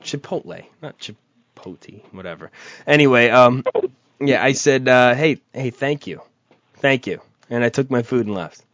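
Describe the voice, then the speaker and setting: A man's voice: mid-range voice, normal speed, a bit bright, dry recording, lo-fi sound. A man co-hosting a casual chat, arguing heatedly and cursing freely. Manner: profane, heated, mocking. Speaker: podcast co-host.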